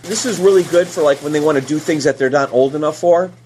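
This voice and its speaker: A man's voice: a little high, fast, a little mellow, slight background noise. A man hosting a parenting podcast, giving casual advice and telling stories from home. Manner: anecdotal, acts out quotes in raised voices.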